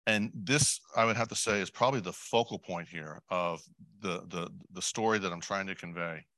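A man preaching a sermon in a conversational way, putting questions to the congregation, adding asides and clearing his throat often. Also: sits low, moderate pace, pushed and bright, no echo. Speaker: lay preacher.

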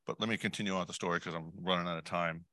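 A man with a lowish voice delivers a sermon in a loose, conversational way. He breaks off for asides and questions to his listeners and clears his throat now and then. The sound is dry and close, with no room around it. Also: fairly even intonation, rapid-fire, pushed and bright, no room sound. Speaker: lay preacher.

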